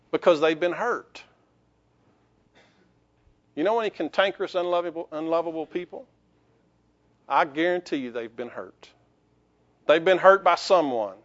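A man's voice: fairly high pitch, highs cut off. A man pastor preaching a sermon in a conversational way, with restarts and rhetorical questions to the congregation.

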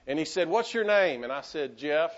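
A man's voice: fairly high pitch, animated, normal speed, muffled recording. A man, a pastor delivering an impassioned sermon full of restarts and calls to the congregation. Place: church sanctuary.

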